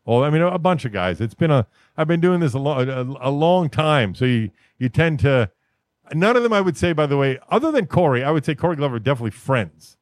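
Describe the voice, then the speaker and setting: Laid-back swearing podcast host, dry sound. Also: male voice, on the high side, very animated, brisk, dry recording. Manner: laid-back, swears often, name-drops. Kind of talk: casual podcast chat.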